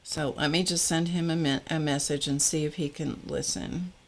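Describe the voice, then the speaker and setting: A woman's voice: low-pitched, fairly even intonation, moderate pace. A middle-aged woman hosting a live-stream craft tutorial, chatting casually and reading viewer comments aloud. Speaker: craft show host.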